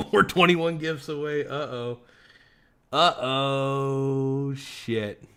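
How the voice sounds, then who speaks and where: A man hosting a casual livestream, excitable and swearing often as he thanks viewers by name. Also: mid-range voice, extremely slow, smooth. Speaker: livestream host.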